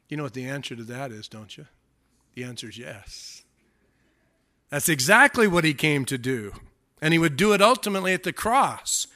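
A man's voice: sits high, very animated, moderate pace, bright, forceful tone. A male pastor preaching a sermon, reading scripture aloud and adding joking asides.

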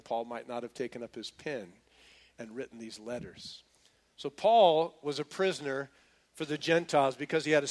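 Casual storytelling male preacher, fairly high voice. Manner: casual storytelling with slang and restarts. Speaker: pastor. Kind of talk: sermon.

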